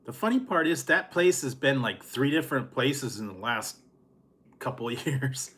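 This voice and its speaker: Man, food vlogger, casual chat, rambling, chuckling, mid-pitched voice. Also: expressive, moderate pace, a bit bright, husky. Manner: rambling, chuckling often, many fillers.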